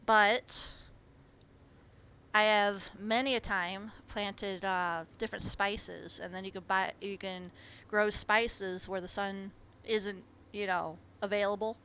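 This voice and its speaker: A woman's voice: medium pitch, fairly even intonation, slow, bright, forceful tone, clear, resonant tone. A woman chatting casually on a live stream, talking to her plants and to her viewers at home. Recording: muffled lo-fi stream audio with faint noise.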